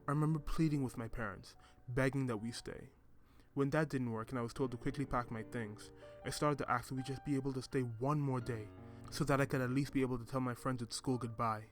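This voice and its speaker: A man's voice: medium pitch, fairly even intonation. Man narrating a first-person story. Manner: measured, reflective. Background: music.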